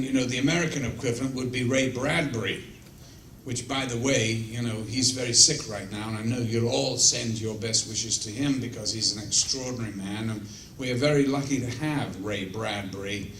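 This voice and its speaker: A man spins blunt, cheeky stories for a fan crowd, his voice bright and forceful. He sounds a bit away from the mic in a roomy hall, with a faint hiss behind him. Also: medium pitch. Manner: blunt, profane, self-mocking anecdotes. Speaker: guest actor answering fan questions. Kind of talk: casual storytelling Q&A. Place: large convention room with audience. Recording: roomy echo, mic at a distance, faint noise.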